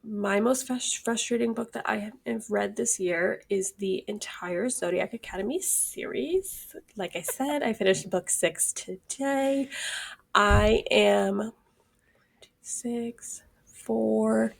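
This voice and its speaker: A woman co-hosting a podcast in casual chat, animated and dramatic, acting out her own reactions. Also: mid-range voice, takes it slowly, creaky, breathy edge. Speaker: podcast co-host.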